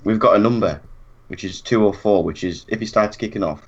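A young man telling an animated anecdote in casual chat, acting out what people said and laughing often. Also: lowish voice, brisk. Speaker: storyteller. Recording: dull lo-fi recording.

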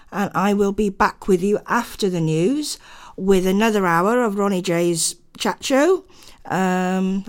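A woman hosting a live radio chat show from a studio, chatting in a rambling way with apologetic asides. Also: mid-range voice.

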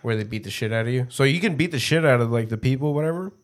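A man's voice: medium pitch, rapid-fire. A man chatting casually with friends, swearing constantly and acting out other people's lines as he tells stories. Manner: swears constantly, acts out friends' voices in anecdotes. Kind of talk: casual chat among friends.

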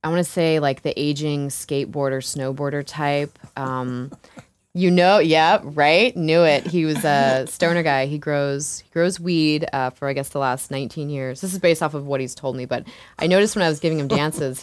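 A woman's voice: deep voice, moderate pace. A woman who works as an exotic dancer, telling a story frankly and casually, swearing, laughing often and filling with "like" and "you know". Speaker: exotic dancer, interview guest.

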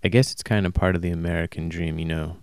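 A man talking alone in a casual, rambling monologue, flat and self-described as monotone, often stopping to correct himself. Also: low-pitched, fast, smooth, no echo, clean studio sound. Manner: casual, swears. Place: warm indoor room.

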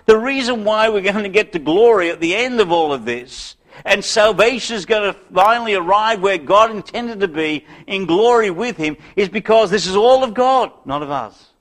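A man preaching an evening sermon, building to loud emphatic peaks and sinking to a hushed, soft close, with old-fashioned biblical phrasing. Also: high-pitched, expressive, moderate pace, few pauses.

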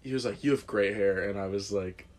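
A man's voice: fairly low pitch, fairly quick, slight background noise. A young man casually telling a rambling, self-deprecating story on a podcast, often laughing. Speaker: guest.

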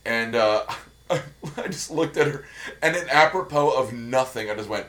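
Young guy rambling and cussing in a casual podcast chat, regular mid pitch. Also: fairly bright tone. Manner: profane, rambling, with quick put-on voices. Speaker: podcast co-host.

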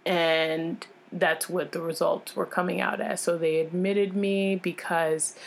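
A woman with a somewhat low voice tells a personal story as an interview guest, speaking frankly and with feeling. She talks casually, with plenty of fillers and self-corrections, and her delivery turns animated as she recounts what happened. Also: slow pace, vocal fry, noisy background. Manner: animated, acts out others' lines in changed voices; frank, emotional retelling with frequent fillers.

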